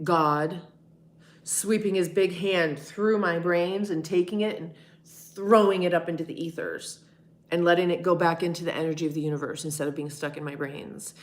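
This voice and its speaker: Responding to her chat one message at a time, a middle-aged livestream host with a notably deep voice speaks casually. She's candid and wanders from point to point, dropping curse words without hesitation.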